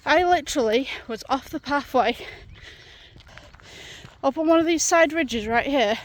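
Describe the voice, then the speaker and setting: A woman's voice: sits high, a little slow, a little hiss or hum. A British woman vlogging outdoors on a countryside path while walking her dog, telling an exasperated, chatty story with lots of fillers. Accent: British English. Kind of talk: ranting storytime vlog.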